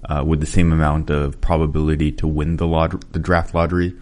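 A man's voice: very deep voice, little pitch movement, a little fast, a little mellow. A man on a podcast panel laying out an idea plainly in casual discussion.

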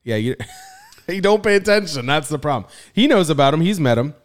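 A man's voice: on the high side, lively intonation, brisk. A man in his thirties, bantering and teasing his co-host in casual podcast chat. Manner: teasing, laid-back banter.

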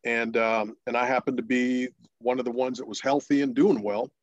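Halting, storytelling man in a dry room. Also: mid-range voice, no room sound, highs cut off. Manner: halting, many fillers and restarts, excited quoted voices. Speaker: interview guest, former pro pitcher. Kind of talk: storytelling interview.

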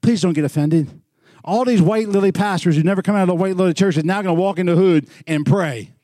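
A man preaching as a pastor, telling a story with animated swings from loud bursts to quiet, intimate passages. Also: sits high, fast, dry recording, clean studio sound. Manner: animated, swings from shouting to hushed. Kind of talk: sermon storytelling.

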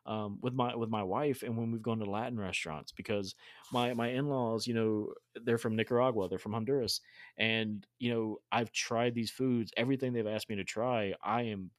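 A man's voice: on the low side, steady tone, normal speed, no room sound. A man hosting a casual conversation, friendly and rambling with many restarts. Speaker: podcast host. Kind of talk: casual chat.

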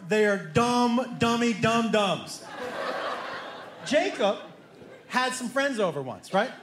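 Lively high-voiced stand-up comedian man. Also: background noise. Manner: animated, acts out family members' voices. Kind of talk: stand-up storytelling. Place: comedy stage before a live audience.

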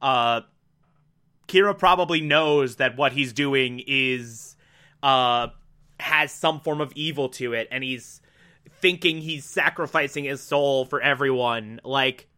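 A man voicing a calm, scheming young male genius who talks low and self-satisfied. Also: slow pace, long pauses. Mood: smooth persuasive.

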